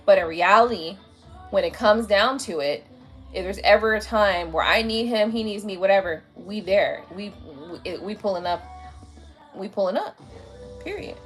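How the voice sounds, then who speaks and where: A woman's voice: mid-range voice, normal speed, soft background music. A woman hosting a tarot live stream, talking casually and bluntly with lots of profanity, a little drunk, lying down at home and speaking into her tablet's mic. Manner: blunt, profane, chatty, laughs often. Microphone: tablet camera mic.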